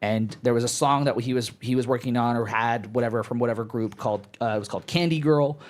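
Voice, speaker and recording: A man's voice: medium pitch, fast. A young adult man hosting a casual live podcast, rambling with restarts and fillers and cursing freely. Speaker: podcast host.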